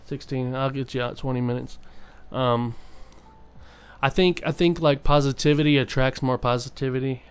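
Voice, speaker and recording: A man's voice: mid-range voice, fairly even intonation, normal speed, clear, resonant tone. A young man talking casually and earnestly to his viewers, rambling with many fillers and restarts. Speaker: vlogger. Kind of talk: casual motivational monologue.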